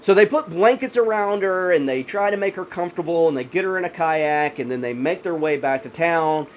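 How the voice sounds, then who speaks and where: A man retelling a grim mountain mystery in a chatty, unscripted way, full of fillers and slowing down for the gruesome parts. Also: on the high side, a little hiss or hum. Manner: slows down for grisly moments. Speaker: storyteller host. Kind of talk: casual spoken horror storytelling.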